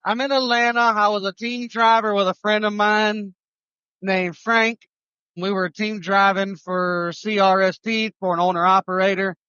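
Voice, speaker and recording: A man, a trucker co-host telling a road story on a live show, animated and restarting his sentences. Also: sits high, normal speed, clear, resonant tone, no echo, muffled recording.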